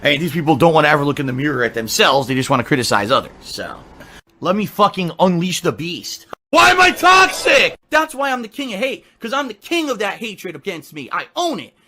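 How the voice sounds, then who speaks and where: A man ranting angrily on a game stream, swearing and shouting at his viewers. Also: on the high side, expressive, fast talker. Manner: profane, combative, shouting outbursts. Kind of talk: angry stream rant.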